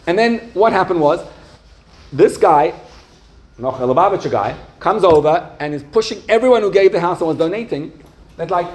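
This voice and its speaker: A man heading a yeshiva and teaching a Torah class to students, telling stories in an animated, conversational way. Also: on the high side, moderate pace. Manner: animated, conversational, acts out the voices in his stories.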